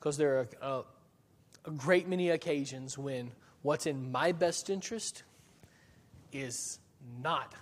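A man's voice: a little high, slow pace, in a large hall. A man preaching a sermon in a church, talking in a conversational way with frequent restarts and rhetorical questions. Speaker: pastor.

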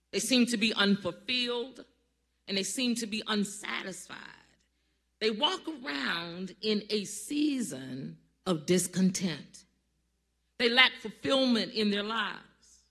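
A pastor preaching a sermon in a church, calling for responses from the congregation and building to loud, emphatic peaks. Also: mid-range voice, expressive, takes it slowly. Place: church sanctuary.

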